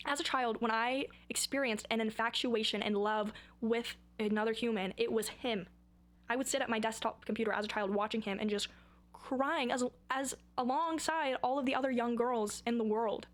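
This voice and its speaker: A young woman talking in a casual vlog, rambling and excitable with dramatic outbursts. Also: on the high side, brisk. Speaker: vlogger.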